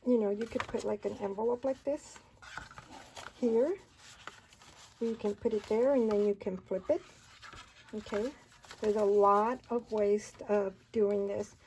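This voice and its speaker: Slow-talking woman showing a paper craft. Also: fairly high pitch, dark tone, slight background noise. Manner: chatty, talks while working, counts folds aloud. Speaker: crafting tutorial host. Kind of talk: casual hands-on craft demonstration.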